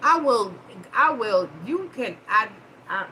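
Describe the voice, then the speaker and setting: Woman, live-stream host, blunt and profane, bright forceful voice, faint hiss behind. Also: fairly high pitch, slow, rough recording. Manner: blunt, profane, animated storytelling. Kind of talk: casual live-stream chat.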